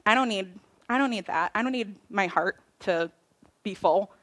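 A woman's voice: mid-range voice, moderate pace, fairly bright tone, voice pushed down, close to an everyday voice. A woman voicing a resentful, proud older brother who complains and shrugs things off. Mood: dismissive. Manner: bitter, dismissive.

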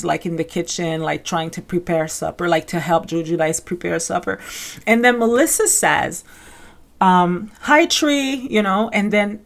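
A chatty woman hosts a casual recap show in a slightly low voice. She piles on fillers as she talks and acts out other people's lines while retelling them. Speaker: podcast host.

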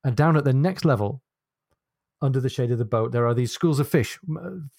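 A man on a book podcast, retelling a chapter in a measured, descriptive way with small hesitations. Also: mid-range voice, vocal fry, a little mellow, no echo, clean studio sound. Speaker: podcast co-host.

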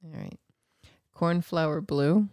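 A woman's voice: low voice, sing-song, slow, vocal fry, warm tone, no echo, clean studio sound. A woman co-hosting a podcast in casual chat, laughing often between her words. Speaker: podcast co-host.

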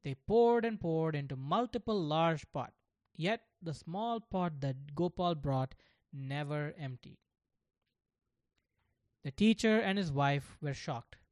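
Slow, deliberate storybook narrator. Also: medium pitch, expressive, a little mellow, dry recording, studio quality.

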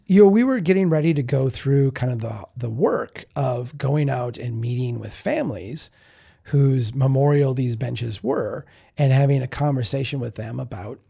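Gravelly, husky-voiced man telling a story. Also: medium pitch, normal speed, warm tone. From Minnesota. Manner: candid, self-reflective, with frequent restarts and repeated words. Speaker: podcast host. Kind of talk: casual storytelling monologue.

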